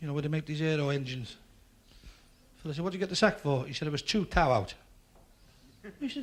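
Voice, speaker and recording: A man telling stand-up jokes with a brisk, punchy delivery. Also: a little high. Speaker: stand-up comedian.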